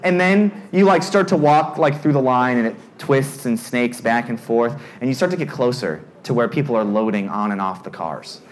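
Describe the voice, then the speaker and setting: A young man preaching to a youth group, telling a story in a lively way and acting out his own panic in character voices. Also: medium pitch, moderate pace, few pauses, a little hiss or hum. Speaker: youth pastor. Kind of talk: storytelling sermon.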